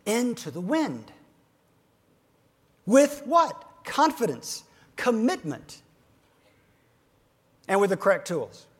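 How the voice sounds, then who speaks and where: A man giving a motivational keynote speech to financial advisors, swinging between loud emphasis and hushed near-whispers and slowing down to stress key phrases. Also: sits high, wildly swooping pitch, husky.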